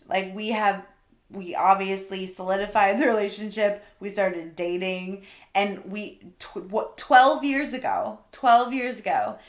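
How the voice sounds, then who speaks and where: A woman co-hosting a podcast in casual chat, telling stories in an animated way and laughing often. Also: mid-range voice. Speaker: podcast co-host. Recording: roomy echo.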